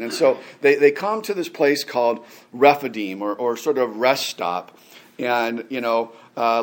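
A man preaching a Sunday sermon in a relaxed, conversational way. He drops in chatty asides and light laughs, and asks his listeners rhetorical questions. His voice sits at an everyday middle pitch. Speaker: pastor.

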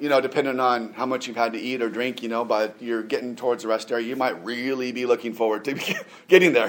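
Chatty man preaching a sermon. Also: mid-range voice. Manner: conversational, chatty asides with frequent laughs and rhetorical questions. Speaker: pastor.

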